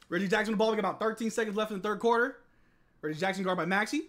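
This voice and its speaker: A young man hosting a live watch-along stream, calling the plays and talking with chat, shouting at big moments and getting hoarse. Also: high-pitched, very fast. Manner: hypes and shouts at big plays, mutters between. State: straining his voice. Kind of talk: excited live play-by-play with chat.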